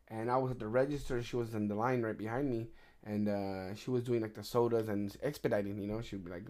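Profane, animated middle-aged man. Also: medium pitch. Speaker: podcast host. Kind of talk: casual chat.

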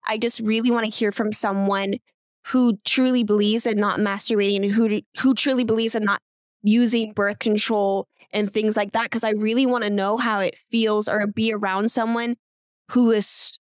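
A woman's voice: medium pitch, steady tone, normal speed, no echo, clean studio sound. A young adult woman co-hosting a podcast, talking bluntly and candidly in casual chat. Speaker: podcast co-host.

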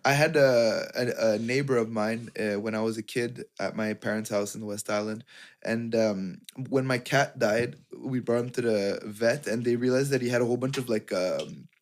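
A man co-hosts a casual podcast with profane, laughing banter. His voice is mid-pitched and ordinary. He tells stories plainly between jokes. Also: normal speed. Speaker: podcast co-host.

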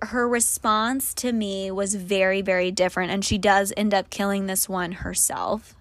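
A woman's voice: mid-range voice, steady tone, moderate pace, no echo. A woman with a mid-range voice co-hosting a podcast, playful and slangy with frequent laughter. The sound is close and dry, with no room around her. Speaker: podcast co-host. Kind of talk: casual chat.

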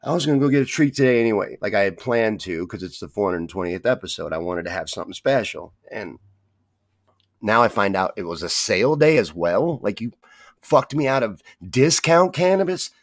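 A man's voice: lowish voice, lively intonation, fairly quick, no room sound, clean studio sound. A man hosting a podcast on his own, talking in a rambling, profane, grumbling way. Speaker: podcast host. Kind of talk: casual solo rant.

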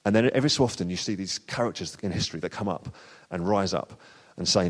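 A man's voice: low-pitched, fast talker, few pauses. A man preaching a sermon in a conversational, loosely improvised way. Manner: conversational, with frequent fillers and restarts. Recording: long church hall reverb.

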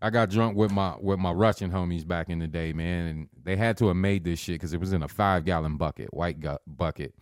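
Laid-back profane man, low voice. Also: fairly even intonation, a little fast, few pauses, smooth, no room sound, studio quality. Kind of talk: casual storytelling chat.

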